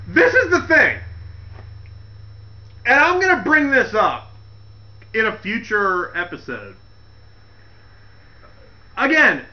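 A man hosting a casual comedic rant, laughing as he retells events in an animated way. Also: very high-pitched, muffled recording. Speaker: wrestling commentary host.

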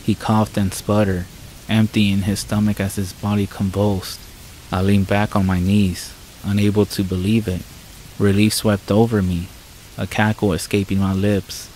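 Man, horror story narrator, low voice, monotone delivery, somber, faint rain behind. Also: measured pace, a little hiss or hum, poor audio. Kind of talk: scripted first-person horror narration. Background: faint rain sounds.

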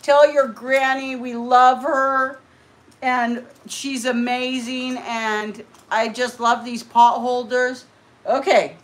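Excitable woman host gushing on a live stream. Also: sits high, slow. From California. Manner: gushing, excitable, talks to viewers. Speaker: channel host. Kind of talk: casual live-stream chat.

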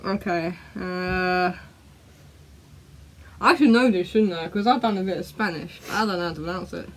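A woman co-hosting a casual video chat, guessing phrases with frequent laughs and unsure trailing remarks, her voice going a bit hoarse. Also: on the low side, moderate pace, a little hiss or hum. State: losing her voice. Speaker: co-host.

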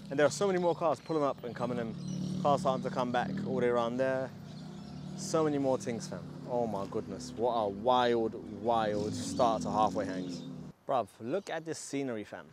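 A man vlogging at an outdoor car meet, talking in hyped, slang-heavy street talk while filming on a handheld camera. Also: mid-range voice. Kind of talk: casual walkaround vlog. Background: faint outdoor noise.

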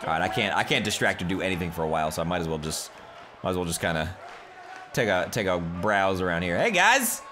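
A man commentating his own wrestling video game playthrough, joking, shouting at the screen and laughing. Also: sits low, big pitch swings, fast, over music, crowd noise. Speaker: gameplay commentator. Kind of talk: excited gameplay commentary.

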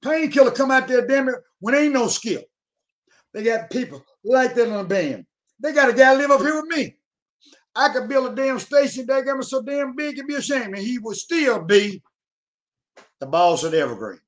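A man talks as a show guest, boastful and profane. His voice sits high, and its pitch swings widely and lively. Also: moderate pace. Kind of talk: casual chat about CB radio.

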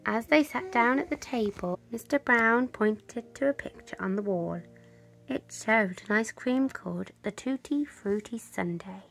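A woman reads a bedtime story in a soft voice that often drops to a whisper. She reads slowly, with a gravelly, fry-tinged grain. Faint music plays underneath. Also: fairly high pitch.

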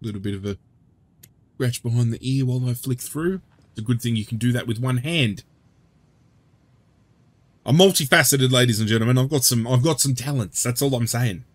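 A man's voice: medium pitch, normal speed, pauses often. A man giving casual gameplay commentary, chatty and joking, who swears freely as he plays.

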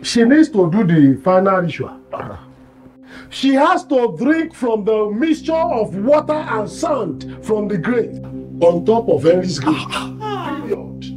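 A high-voiced, slow, scornful Nigerian village accuser in a film, pidgin-accented, faint score behind. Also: male voice, very animated, faint music behind, full character voice. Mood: accusing. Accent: Nigerian Pidgin English. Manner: scornful, insistent, shouting demands. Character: hostile village elder, harsh accuser.

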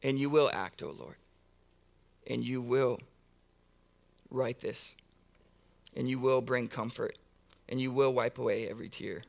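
A man preaching from the pulpit in an earnest, steady voice of ordinary pitch. He builds his points through long strings of repeated phrases, often restarting mid-thought. The sound is that of a church sermon. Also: a little slow, creaky, long pauses. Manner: earnest, repetitive build-ups with frequent restarts. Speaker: pastor. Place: church sanctuary.

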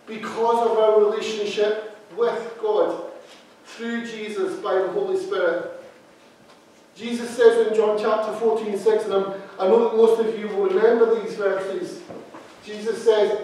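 A man preaching with a high voice, set back from the microphone. His words ring through a very echoey church hall, and he repeats key phrases with emphasis. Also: a little mellow. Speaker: associate minister. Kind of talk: sermon. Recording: very echoey hall, speaker far from mic.

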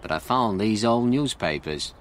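A man voicing a calm, stern police sergeant who speaks in a firm, measured way. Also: on the low side, a little hiss or hum, natural voice.

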